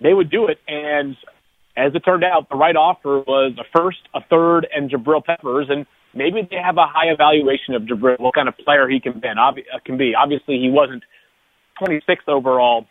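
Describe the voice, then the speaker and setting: A man's voice: a little high, normal speed, no room sound. Man, guest analyst, phone-in, rambling with restarts, tinny phone line, dry sound. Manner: rambling, many restarts and fillers. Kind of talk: phone-in radio sports analysis.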